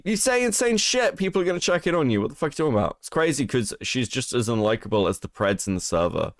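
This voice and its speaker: A man's voice: a little high, very animated, a little fast, no echo, studio quality. A man co-hosting a livestream, mocking and profane, laughing often as he reads out donations. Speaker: podcast co-host. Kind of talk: livestream commentary.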